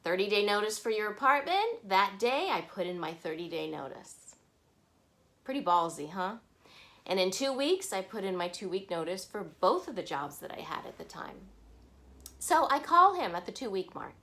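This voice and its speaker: A woman tells a personal story straight to the camera. Her pitch jumps all over as she talks, and she acts out the people she quotes in lively bursts. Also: normal speed. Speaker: vlogger.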